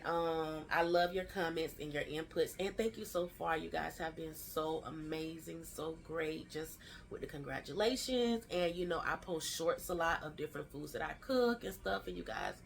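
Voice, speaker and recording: Woman vlogger, 30s, lower register; lively, chatty storyteller. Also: vocal fry, slight background noise. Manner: animated storytelling, acts out quoted family lines; chatty and slangy, fillers like "child" and "y'all". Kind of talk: storytime vlog.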